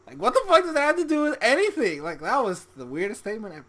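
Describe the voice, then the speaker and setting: A young adult reviewing an anime episode in casual solo commentary, excitable, swearing often and laughing a lot. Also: medium pitch, fast.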